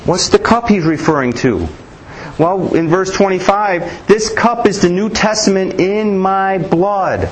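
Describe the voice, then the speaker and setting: A man's voice: sits high, a little slow, a little hiss or hum, low-quality recording. A man preaching a Bible teaching sermon, asking rhetorical questions and often restarting his sentences.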